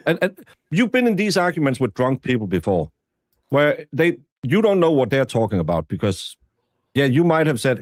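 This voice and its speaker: A man co-hosting a live stream, talking in an earnest, halting way with many restarts. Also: mid-range voice, big pitch swings, dry recording, studio quality. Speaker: stream co-host.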